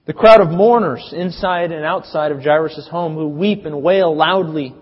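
Male preacher, dramatic storyteller, slightly high, muffled sound. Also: moderate pace. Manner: storytelling, dramatic swings in loudness. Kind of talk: sermon. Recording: dull sound with long reverb.

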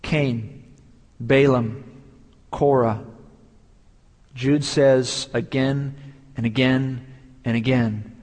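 A man's voice: medium pitch, fairly even intonation, drawn-out words, pauses often, a little mellow, long reverb tail. A man preaching a sermon as pastor, building emphasis through repeated phrases.

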